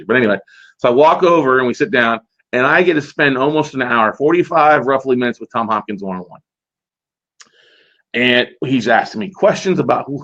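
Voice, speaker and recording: Male podcast host, energetic storyteller, mid-pitched, slightly muffled recording. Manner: energetic, animated storyteller acting out quotes. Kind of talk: casual storytelling. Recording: slightly dull lo-fi audio.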